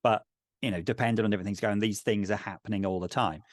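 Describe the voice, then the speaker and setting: A man's voice: lowish voice, steady tone, quick pace, dry recording, clean studio sound. A man co-hosting a podcast, thinking aloud about game design in a rambling, filler-heavy way. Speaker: podcast co-host. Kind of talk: casual discussion of game design.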